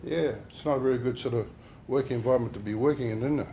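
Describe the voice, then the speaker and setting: A man's voice: medium pitch, quick pace, warm tone, a little hiss or hum. A man telling an emotional personal story in a workplace safety talk. He rambles and uses many fillers as he speaks. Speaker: injured worker sharing his story.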